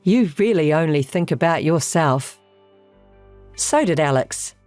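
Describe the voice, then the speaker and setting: A woman plays a wronged woman who stays cool and sarcastic, with a low voice and a slow, unhurried delivery. The sound is dry and close, with soft music underneath. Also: expressive, no room sound. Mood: cold sarcastic. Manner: sarcastic, unbothered. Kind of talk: texting-story voice-over.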